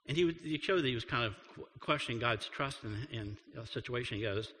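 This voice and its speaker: Man, pastor, sermon, bright voice, lively pitch swings, conversational, long hall reverb. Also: brisk, hardly any pauses. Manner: animated, acts out quotes, conversational.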